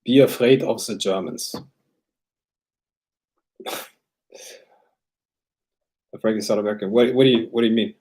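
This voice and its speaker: A man's voice: lowish voice, steady tone, unhurried, pauses often, darkish tone. A man raised bilingual, hosting a casual livestream and answering viewer questions in a loose, rambling way full of fillers and restarts.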